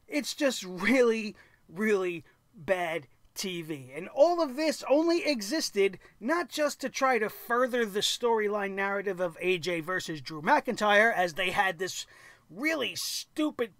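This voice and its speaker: A man's voice: sits high, lively intonation, unhurried, fairly bright tone, dry recording. A man giving a ranting, sarcastic solo review of a wrestling show, exasperated and opinionated.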